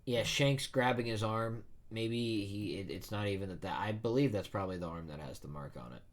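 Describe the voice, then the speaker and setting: A man's voice: lowish voice, brisk. A man hosting a casual reading and reaction, thinking aloud as he rambles through his thoughts. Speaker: manga reaction host.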